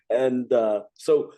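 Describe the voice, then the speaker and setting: A man hosting a casual talk among veterans, speaking haltingly with many restarts. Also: mid-range voice. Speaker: host, veteran. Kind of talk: casual conversation.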